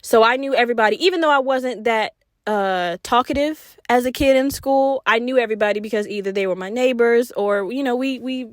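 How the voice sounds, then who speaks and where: A woman hosting a podcast, telling a personal story in a casual, animated way, swearing freely and acting out her own quotes. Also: on the high side, a little fast, no echo, studio quality. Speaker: podcast host.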